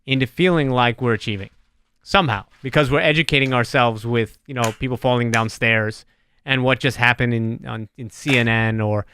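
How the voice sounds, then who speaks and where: A man hosting a podcast, rambling through jokey, animated tangents in casual chat. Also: mid-range voice, normal speed, slight background noise. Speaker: podcast host.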